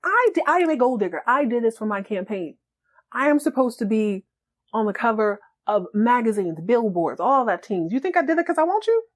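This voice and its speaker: A woman's voice: mid-range voice, lively intonation, a little fast, lightly acted. A woman voicing a giddy young woman gold digger, sassy and dramatic. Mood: furious.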